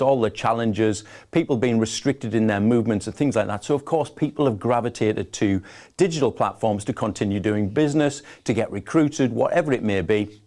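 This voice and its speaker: A man's voice: mid-range voice, darkish tone. A man with a northeast English accent hosting a live business webinar, chatty and enthusiastic as he greets viewers and presents. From northeast England. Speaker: webinar host. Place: home office.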